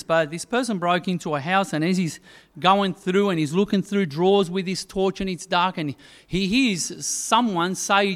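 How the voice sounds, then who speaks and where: A man delivers a sermon in a fairly high, smooth voice. He tells a story in a relaxed, hesitant way, with plenty of ums and restarts before he reaches his point. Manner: storytelling, hesitant with many fillers. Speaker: preacher.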